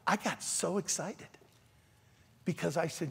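A man preaching an animated sermon to a congregation, calling on them to answer back. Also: high voice, moderate pace, slightly rough. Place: large church or auditorium with long reverb. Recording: long hall reverb.

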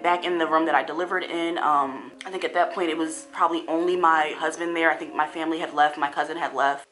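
A woman's voice: low-pitched, fairly bright tone. Tearful young woman telling her story. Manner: halting, many fillers and restarts. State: tearful, voice breaking. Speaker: vlogger. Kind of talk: emotional personal storytelling.

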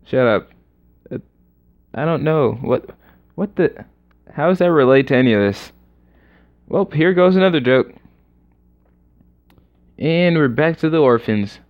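A man's voice: on the high side, expressive, unhurried, long pauses, a little mellow. Exasperated man in muffled gaming commentary. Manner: exasperated, mock-dramatic groaning. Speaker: gamer. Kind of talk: let's-play commentary. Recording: lo-fi muffled recording.

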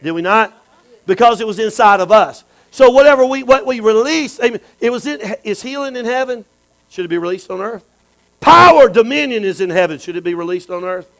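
High-voiced preacher man. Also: brisk, poor audio. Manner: animated, repetitive, calls for amens. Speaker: bishop preaching. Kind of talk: sermon.

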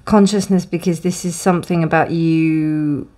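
Woman, low voice, casual tarot reading, rambling, lots of fillers. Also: steady tone, normal speed, dark tone. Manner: rambling, many restarts and fillers. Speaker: tarot reader. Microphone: close, dry room with windows closed.

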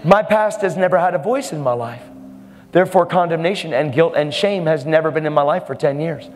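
A man's voice: on the high side, fairly quick, big-room sound, soft background music. A man preaching a fervent, emphatic sermon, laughing now and then between points.

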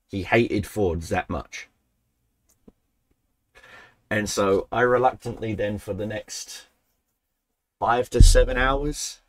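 A man with a fairly low voice tells a rambling, profanity-laced story straight into a desk microphone. He backtracks and corrects himself as he goes. The sound is dry and close, with no room echo. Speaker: gaming channel host. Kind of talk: casual storytelling. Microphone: desk microphone he keeps bumping.

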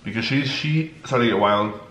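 A young man vlogging while eating, telling a story in a lively way and acting out the people in it. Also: fairly low pitch, moderate pace. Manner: animated, acts out the people in his story. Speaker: mukbang vlogger. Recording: echoey room, faint background noise.

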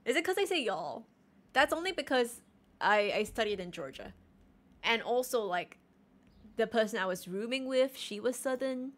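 Late-twenties woman streamer, loose and teasing, laughs at herself, voice sits a bit high. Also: moderate pace. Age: late 20s. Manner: animated, joking and self-mocking. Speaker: game streamer. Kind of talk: casual live-stream chat.

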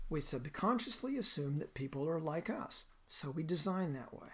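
A woman giving a recorded lecture in a conversational way, often asking the listener questions. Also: fairly low pitch.

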